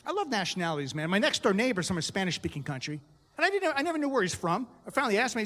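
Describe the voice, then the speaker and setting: A middle-aged man from the United States performing a stand-up comedy set on a club stage, with punchy delivery and quick asides to the crowd. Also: sits high, big pitch swings, a bit bright, big-room sound.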